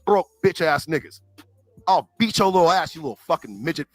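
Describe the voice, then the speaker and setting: A man's voice: fairly high pitch, animated, brisk, no room sound, soft background music. A man on a livestream, ranting and hurling insults in an aggressive, repetitive way.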